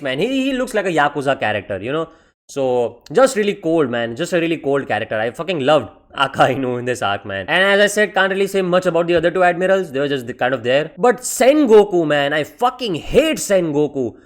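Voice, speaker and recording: A man reviews manga in a casual vlog, excitable and profane, dropping "man" into nearly every sentence and slipping into mocking voices. His voice sits high.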